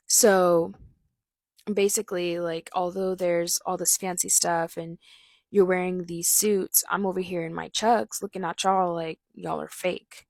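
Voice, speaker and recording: This host explains rap lyrics in a relaxed commentary, pausing her "um"-and-"like"-filled chat to read quoted lines aloud. She has a lowish, creaky, slightly mellow voice with fairly even intonation and a measured pace, captured dry.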